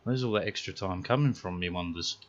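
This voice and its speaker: A British man with a fairly low voice streams a racing game and talks through it. His chat is casual, self-mocking and full of swearing. The audio is dull and lo-fi. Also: brisk. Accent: British English. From Britain. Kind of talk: casual gameplay commentary.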